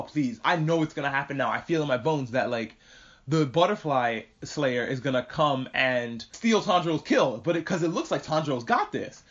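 A man casually reviewing an anime episode on his own, excitable and swearing, acting out the characters as he goes. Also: on the high side. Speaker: podcast host reviewing anime. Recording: dull lo-fi audio.

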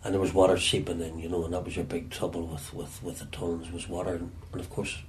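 A Northern Irish man telling stories from his past in an interview, often halting and repeating words as he searches for them. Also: low-pitched, little pitch movement, darkish tone, a little hiss or hum. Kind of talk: reflective storytelling.

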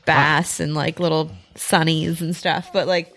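A woman's voice: low-pitched, little pitch movement, a little slow, fairly bright tone. A young woman chatting on a podcast, gushing and emotional, peppering her speech with "like". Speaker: podcast co-host. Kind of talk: casual chat.

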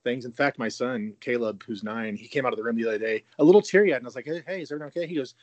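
A man in his thirties chats loosely on a podcast, restarting his sentences and laughing often. His voice sits at an ordinary pitch. The sound is close and dry, with no room around it. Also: fast, dry recording, muffled recording. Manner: chatty, laughs easily, many restarts. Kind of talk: casual chat.

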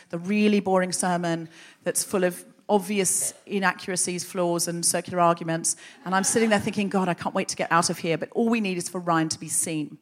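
Wry woman telling a story on stage. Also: fairly low pitch. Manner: brisk, wry storytelling with dry asides. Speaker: host. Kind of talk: live comic storytelling. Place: live stage before an audience.

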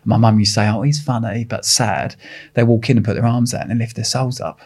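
A middle-aged Englishman with an Essex accent tells his story bluntly as an interview guest. His lowish voice is steady, fairly quick, a little mellow and slightly rough, and he swears casually and restarts sentences.

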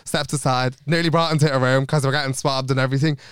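Fast-talking Dublin man telling a story. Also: mid-range voice, clear, resonant tone, dry recording, clean studio sound. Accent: Irish, Dublin. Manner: rapid, animated retelling with quoted dialogue and swearing. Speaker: podcast co-host. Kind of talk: casual storytelling chat.

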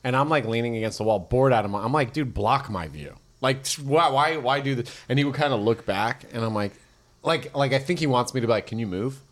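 A man's voice: mid-range voice, fast. A young man, a comedian co-hosting a podcast, chiming in laid-back with quoted lines in casual chat.

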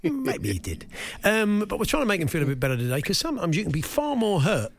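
A man's voice: high voice, huge pitch swings, quick pace, a little hiss or hum. A man hosting a casual sports talk radio show, joking and reading listener texts aloud. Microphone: studio microphone.

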